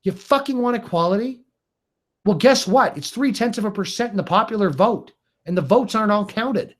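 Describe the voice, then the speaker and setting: A man's voice: high voice, expressive, moderate pace. A middle-aged man delivering an angry, profane rant to camera as a video blogger, heated and exasperated.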